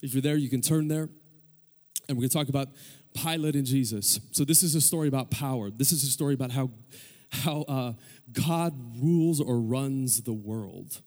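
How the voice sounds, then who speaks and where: A man's voice: medium pitch, moderate pace, a little mellow. A man preaching a sermon as pastor, calling out for amens from the congregation and building in intensity. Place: church sanctuary. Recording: long hall reverb.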